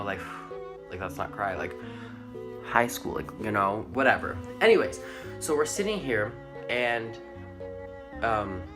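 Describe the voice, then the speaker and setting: A teenage boy telling school stories to his channel in a rambling, casual way, full of "like" and "um". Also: medium pitch. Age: teens. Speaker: vlogger. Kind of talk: casual storytelling to camera.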